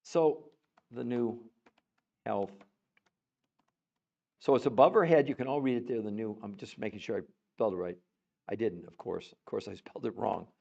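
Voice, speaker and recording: A man hosting a live stream, chatting with viewers and greeting them by name in an excitable, animated way, laughing often. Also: on the low side, normal speed, vocal fry, long pauses, highs cut off. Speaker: livestream host. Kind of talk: enthusiastic live-stream chat.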